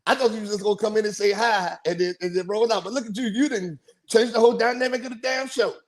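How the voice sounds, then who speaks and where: A podcast host with a noticeably high-pitched male voice keeps the talk loose and animated. He laughs often and doubles back on his own phrases as he chats. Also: fast. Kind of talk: casual chat.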